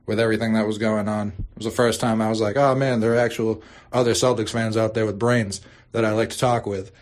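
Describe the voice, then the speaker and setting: Ranting, swearing sports podcaster. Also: male voice. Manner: exasperated, swearing, bursts into high-pitched outrage. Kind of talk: profane ranting podcast intro.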